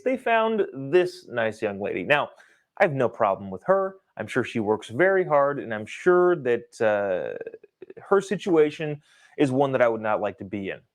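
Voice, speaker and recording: A man hosting a political commentary show, talking in an opinionated, sarcastic way. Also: mid-range voice. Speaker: host.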